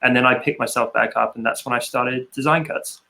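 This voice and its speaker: A man's voice: mid-range voice, steady tone, fairly quick, creaky, bright, forceful tone. A man, hosting a webinar interview in a casual, easygoing way. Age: 30s. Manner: laughs easily, casual. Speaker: host.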